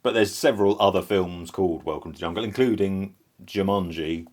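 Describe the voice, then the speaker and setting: A man's voice: low voice, brisk, darkish tone. A man co-hosting a casual film review chat, making easygoing, dry remarks. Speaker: film podcast co-host.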